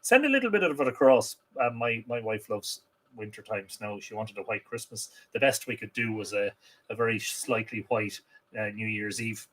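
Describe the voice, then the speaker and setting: A man's voice: lowish voice, animated, normal speed, a bit bright. Chatty man hosting a livestream. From Ireland. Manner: reads viewer comments aloud, chatty and welcoming. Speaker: livestream host. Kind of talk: casual livestream greetings.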